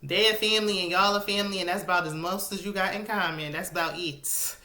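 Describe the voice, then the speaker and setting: A woman talks through a reality show recap in a sassy, chatty way. Her voice is bright and forceful and sits a little low. She sounds loose and conversational, like she is talking straight to her viewers. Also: fast. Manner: chatty, sassy, animated with dialect speech. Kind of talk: casual recap commentary.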